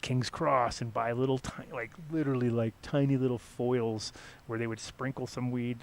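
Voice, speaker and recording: A man's voice: medium pitch, moderate pace, vocal fry, a little hiss or hum. A middle-aged man hosting a podcast, telling stories casually and swearing freely. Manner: animated, swears freely, lots of fillers. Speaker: podcast host. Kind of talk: casual storytelling.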